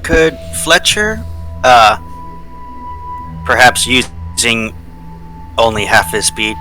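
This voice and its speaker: Bright-voiced male tabletop player. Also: medium pitch, very animated, slow pace. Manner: thinks aloud, tentative. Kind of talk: casual game table chat. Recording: faint music behind.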